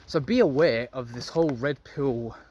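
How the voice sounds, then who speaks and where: A man's voice: mid-range voice, normal speed. Blunt, profane young man preaching. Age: young adult. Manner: blunt, profane, preachy, addresses viewers as gentlemen. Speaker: men's self-improvement vlogger. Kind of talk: casual monologue to camera.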